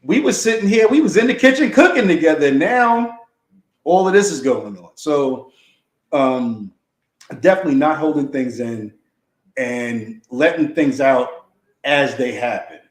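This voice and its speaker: A man with a fairly high, lively voice talks unhurriedly in a casual chat, recorded with roomy echo. He reflects colloquially on his marriage and how he holds back his feelings, thinking aloud as he speaks.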